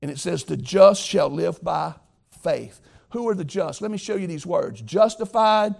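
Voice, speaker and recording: A man's voice: high voice, measured pace, creaky, darkish tone. A man preaching a sermon as pastor, earnest and emphatic, talking straight to his listeners.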